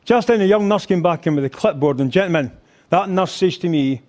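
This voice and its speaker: Older Scottish man, live stand-up, lively crude storyteller, pitched a bit high. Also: brisk. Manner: animated storytelling, crude, mimics voices and sings band intros. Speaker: stand-up comedian. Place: rugby club function hall.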